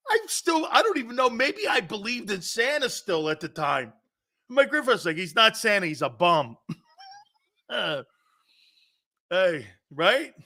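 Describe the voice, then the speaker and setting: A man hosting a sports talk show, telling stories loudly and laughing often between lines. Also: high voice. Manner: loud, laughing, storytelling.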